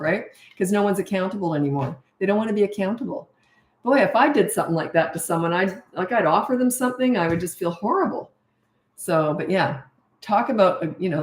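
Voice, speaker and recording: A middle-aged woman coaching parents in a frank, conversational voice at a middle pitch. She slips into the people she quotes as she talks. The sound bounces around an echoey room. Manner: blunt, acts out quoted dialogue. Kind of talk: casual advice talk.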